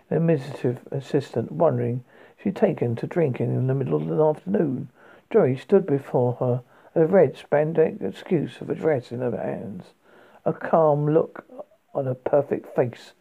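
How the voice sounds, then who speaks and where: A man's voice: mid-range voice, vocal fry, husky, narrow, tinny audio. A man reading a fairy tale excerpt aloud, stumbling and restarting now and then. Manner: halting read with restarts. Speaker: audiobook narrator.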